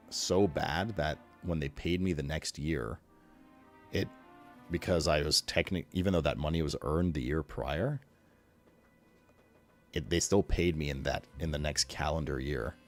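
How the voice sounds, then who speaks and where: A man with a very low voice chats loosely with his stream audience, rambling, swearing freely and answering chat messages. Soft music plays faintly behind him. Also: unhurried. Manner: rambling, profane, reading chat aloud. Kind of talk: casual chat.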